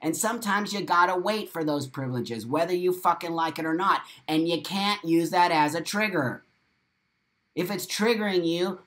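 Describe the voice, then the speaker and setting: A man's voice: high voice, a bit bright. A middle-aged man hosting a live video show, delivering a blunt, profane, preachy monologue and repeating phrases for emphasis. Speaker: host of a live morning show.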